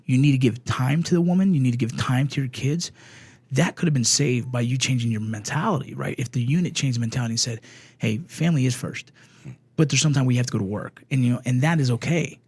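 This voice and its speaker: A middle-aged man, a former Army Ranger guest, telling stories in fast, profane, animated podcast chat. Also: mid-range voice, breathy edge, no room sound.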